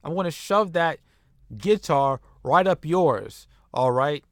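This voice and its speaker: A man voicing an angry male wrestler who roars threats in a raised, louder voice. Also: expressive, unhurried, dry recording, clean studio sound. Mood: furious. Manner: shouting threats, higher and louder than his own voice.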